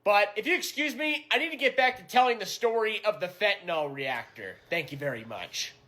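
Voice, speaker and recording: A man's voice: high voice, animated, brisk, bright, forceful tone, pitched above the performer's own voice. A man playing an obnoxious young roommate who trolls and brushes everyone off, in a comedy sketch. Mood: dismissive. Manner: smug, giggly, dismissive.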